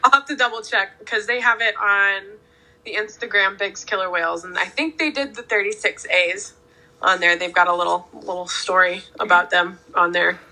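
A young woman who works on whale-watching boats tells casual anecdotes. Her voice has a gravelly vocal fry but a bright, forward edge. She talks in a relaxed way, leaning on "like". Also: medium pitch, normal speed, poor audio. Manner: relaxed anecdote-telling with "like" fillers. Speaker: whale-watching boat crew. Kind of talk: casual storytelling.

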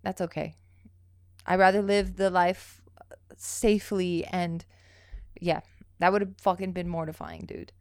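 A woman's voice: on the low side, flat delivery, a little slow, long pauses, a little mellow, dry recording. Profane, chatty young woman, dry sound. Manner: loose, profane storytelling with many fillers. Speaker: podcast co-host. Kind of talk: casual chat.

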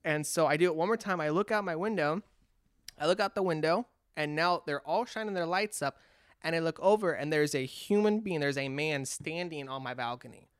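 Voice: medium pitch, brisk, clear, resonant tone, dry recording. Californian telling a wild story on a podcast, acts out the quotes, stumbles and restarts, dead dry sound. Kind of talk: casual storytelling chat.

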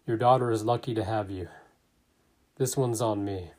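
A man voicing a steady, earnest family-leader racer. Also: on the low side, moderate pace, natural voice.

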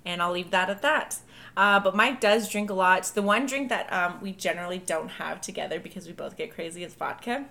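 Brief: woman podcast host, bright forceful tone, swears freely, jokey. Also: on the low side, a little fast, creaky. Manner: loose, profane, jokey storytelling. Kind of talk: casual chat, reading history notes.

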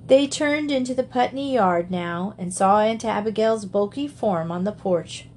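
Woman, storybook reader, mid pitch, faint hiss behind. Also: unhurried, a little mellow. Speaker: audiobook reader. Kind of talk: storybook narration.

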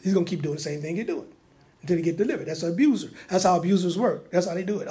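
A male preacher teaching a sermon in an animated way, sometimes acting out the people he quotes. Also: high voice, fast talker.

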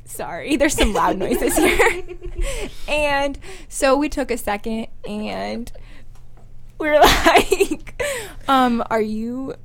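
A woman's voice: high-pitched, sing-song, very slow. A young woman co-hosting a podcast, telling a story in a chatty, giggly way with lots of filler words. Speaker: podcast co-host. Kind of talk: casual storytelling chat.

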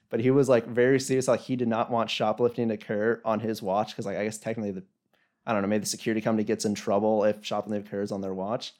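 A man's voice: mid-range voice, darkish tone. Rambling young man telling a story. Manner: rambling retelling, heavy with "like" and "you know". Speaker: storyteller in a chat. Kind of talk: casual chat.

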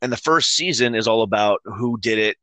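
A man in his thirties co-hosting a casual chat show, telling a family story in a relaxed, rambling way with fillers and laughs. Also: fairly low pitch, fairly quick, no echo. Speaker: co-host.

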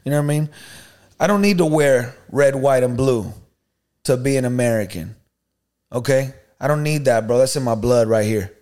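A man co-hosting a podcast, telling a story in a lively, slangy way and often asking "you know what I mean". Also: medium pitch, moderate pace. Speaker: podcast co-host. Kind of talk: casual storytelling chat.

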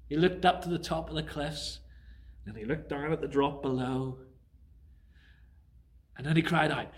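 A man preaching a sermon who opens with a prayer and tells a story in a conversational, animated way. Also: a little high, normal speed, long pauses.

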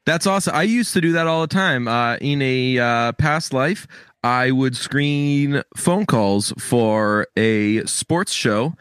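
A man's voice: mid-range voice, a bit bright, clean tone, no room sound, studio quality. A man with a Boston accent co-hosting a casual podcast, joking and swearing freely as he chats with a friend who is recording from elsewhere. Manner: joking, profane, quick to laugh. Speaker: podcast co-host. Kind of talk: casual chat. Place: remote from co-host.

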